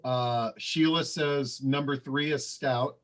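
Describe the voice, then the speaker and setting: A man's voice: medium pitch, fairly even intonation, slow, a bit bright. A man co-hosting an online party and reading quiz answers, friendly and hesitant, with many fillers. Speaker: co-host running the slideshow and quiz. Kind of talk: casual hosting on a video call. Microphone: video call.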